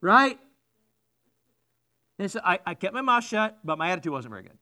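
A man's voice: high voice, very animated, normal speed, sharp tone. A man preaching a sermon as pastor, chatting with the congregation and putting questions to them. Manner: conversational, asks the congregation questions. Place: church sanctuary.

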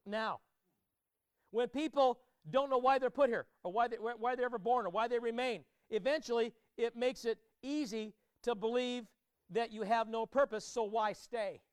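A man preaching a sermon to his congregation, emphatic and direct, often repeating his words and rising to loud climaxes. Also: extremely high pitch, normal speed, clear, resonant tone, no room sound. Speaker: pastor.

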